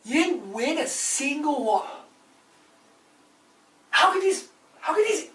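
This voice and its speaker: A man's voice: very high-pitched, big pitch swings, slow pace, sharp tone, recorded from a distance, pitched above the performer's own voice, exaggerated voice. A man voicing a cranky old man with a cane, whiny and indignant, in a roomy room away from the mic. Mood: grumbling.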